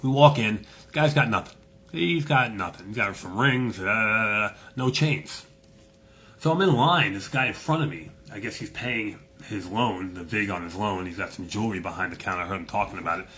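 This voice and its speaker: A man's voice: on the low side, brisk, fairly bright tone. A man hosting a casual chat, telling a story in a profane, swaggering way and acting out the people in it. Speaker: host.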